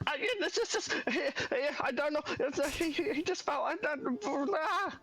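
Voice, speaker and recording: A man's voice: extremely high pitch, expressive, normal speed, sharp tone, faint music behind, pitched above the performer's own voice, full character voice. A man voicing his tabletop character faking blind panic, stammering and shrieking. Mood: panicked.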